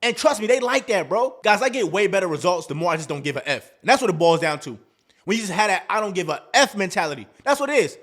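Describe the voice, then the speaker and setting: A man's voice: high voice, big pitch swings, a little fast, a bit bright. A man hosting a dating advice talk, in a casual, slangy monologue that acts out quoted lines.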